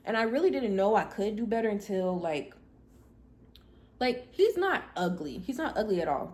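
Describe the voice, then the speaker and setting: A young adult woman hosting a podcast, telling a personal story in a candid, blunt and expressive way. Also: mid-range voice, moderate pace. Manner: blunt, expressive, animated when quoting herself. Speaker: podcast host.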